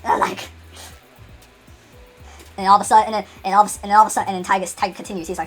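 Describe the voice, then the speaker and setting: A woman's voice: mid-range voice, fairly even intonation, rapid-fire, faint music behind. A woman telling an unscripted comedic story, rambling with many restarts and laughs.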